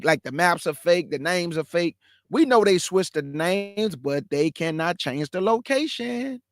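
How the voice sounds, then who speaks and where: A man with a notably high voice leads a casual scripture lesson, pressing each point hard and circling back to repeat it. He addresses his listeners as family while steering them through a map on his screen. The sound is dry, with no room echo. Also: a bit bright. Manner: emphatic, repeats key phrases, calls listeners "family". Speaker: Bible teacher, show host. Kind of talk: casual Bible teaching.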